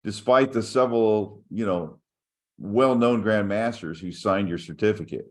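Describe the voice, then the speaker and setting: A man's voice: on the low side, a little slow. A man interviewing a martial arts grandmaster who puts his questions hesitantly, with many fillers.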